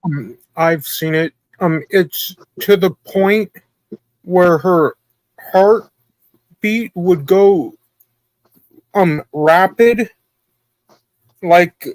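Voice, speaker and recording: Very slow, hesitant high-voiced man. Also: dry recording. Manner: hesitant, many fillers. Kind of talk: casual chat.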